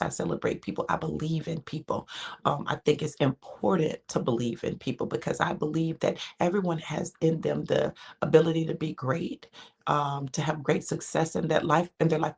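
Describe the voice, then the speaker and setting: Gravelly-voiced woman hosting a devotional livestream. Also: low voice. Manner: repeats phrases, casual and chatty with viewers; subdued, keeping her voice down. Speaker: minister hosting a daily live broadcast. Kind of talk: live devotional broadcast.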